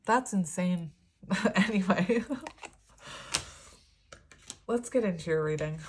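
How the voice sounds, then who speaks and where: A young woman giving a casual, rambling tarot reading with big, expressive reactions. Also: lowish voice, extremely slow, pauses often, slightly rough. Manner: chatty, rambling, expressive, laughs often. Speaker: tarot reader.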